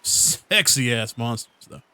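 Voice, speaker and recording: A man's voice: medium pitch, expressive, takes it slowly, pushed and bright. A young man hosting a let's play, reading the game's text aloud with jokes and laughing often. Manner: playful, laughs between lines.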